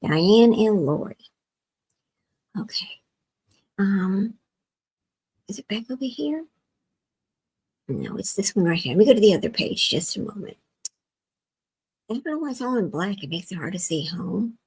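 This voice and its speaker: A woman's voice: mid-range voice, big pitch swings, normal speed, long pauses, darkish tone, slightly rough, poor audio. A woman hosting a livestream in a casual chat, talking to herself while she works her screen, often dropping to a near whisper. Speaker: livestream host.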